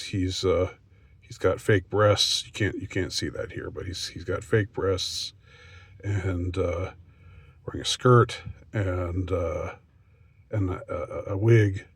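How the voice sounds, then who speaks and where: A man reading a news story aloud and commenting on it, halting with many restarts and mocking asides. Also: sits low, gravelly, breathy edge, no room sound.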